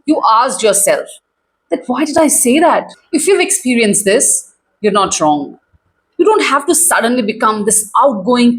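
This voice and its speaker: A woman communication coach teaching straight to camera in a clear, measured, emphatic way. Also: mid-range voice.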